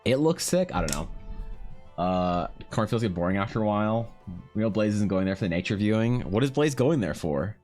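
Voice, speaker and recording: Joking man with a low voice. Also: sing-song, moderate pace, darkish tone, soft background music. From Canada. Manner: joking, swearing, laughing, slangy. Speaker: art streamer. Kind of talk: casual livestream chat.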